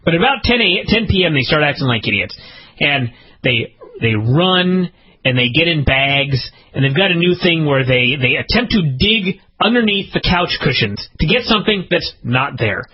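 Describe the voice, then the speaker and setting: Lively, husky-voiced man telling a story. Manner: animated, profane, quick to jump to high-pitched outbursts. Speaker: podcast co-host. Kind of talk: casual storytelling chat. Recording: dull lo-fi podcast audio.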